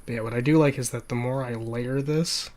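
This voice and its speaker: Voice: mid-range voice, fairly even intonation, a little fast, a little mellow. A streamer painting miniatures live, chatting casually, laughing often and murmuring while working.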